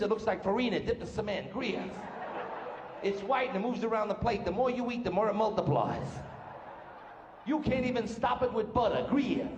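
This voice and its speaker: Brash stand-up comedian on a hall stage. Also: male voice, high voice, dull audio. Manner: brash, rapid-fire joke telling. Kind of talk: live stand-up routine. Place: live stage in a large hall. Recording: roomy live hall with faint noise.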